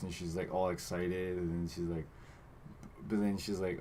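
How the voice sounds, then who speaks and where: Low-voiced rambling man recapping a movie. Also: flat delivery, moderate pace, mellow, a little hiss or hum. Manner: rambling, filler-heavy, acts out quotes. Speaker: podcast co-host. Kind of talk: casual chat recapping a movie.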